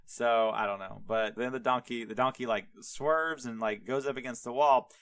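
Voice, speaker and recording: A man's voice: mid-range voice, normal speed, fairly bright tone, no room sound. A man, a podcast host, retelling a story casually, rambling with lots of fillers and swearing. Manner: rambling, filler-heavy, profane.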